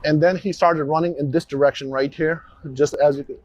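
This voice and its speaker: Halting man recounting events. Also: fairly high pitch, steady tone, darkish tone, highs cut off, faint music behind. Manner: halting, with frequent restarts and fillers. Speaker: police officer giving a statement. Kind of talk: recorded interview account.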